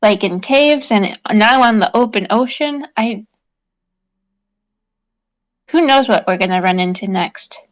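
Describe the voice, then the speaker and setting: A woman voicing a gentle, nervous young adventurer in a tabletop role-play, speaking softly and hesitantly. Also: mid-range voice, measured pace, long pauses, lightly acted, rough recording. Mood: worried.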